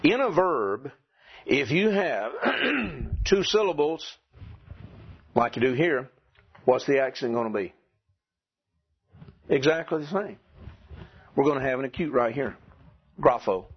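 A man teaching a classroom lesson, asking his students questions and clearing his throat now and then. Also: medium pitch, animated, measured pace, pauses often. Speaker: Greek teacher. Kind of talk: classroom lecture. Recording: dull lo-fi classroom recording.

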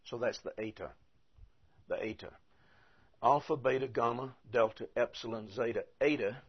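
A man teaching in an unhurried, patient way, going over each point again and again. His voice is a little husky, and the recording sounds dull and lo-fi. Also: mid-range voice. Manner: patient, repeats and spells things out. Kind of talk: teaching the Greek alphabet.

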